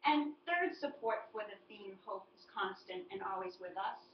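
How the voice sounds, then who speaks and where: Lady teacher walking through a poem slow and clear, echoey room, faint hiss behind. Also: mid-range voice, lively intonation. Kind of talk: model student presentation on a poem. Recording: echoey, distant, dull and lo-fi.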